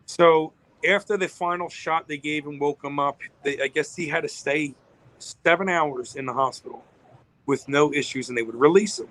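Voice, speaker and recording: A man's voice: on the high side, normal speed, fairly bright tone, rough recording. A man, a business-owner guest on a podcast, telling a long story in an emotional, rambling way.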